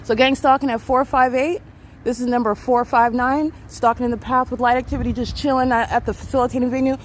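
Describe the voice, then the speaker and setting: A woman's voice: a little high, steady tone, quick pace, a little hiss or hum. A woman filming outdoors on a street by parked cars on a handheld phone, giving agitated, accusatory running commentary and repeating phrases insistently. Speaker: vlogger filming in public.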